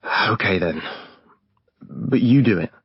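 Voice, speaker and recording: Guy reading as nervous young guy, worried, low husky voice, muffled audio. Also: animated, slow pace, no room sound, heavily acted. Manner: worried, tense. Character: anxious young man, jittery friend. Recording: dull lo-fi recording.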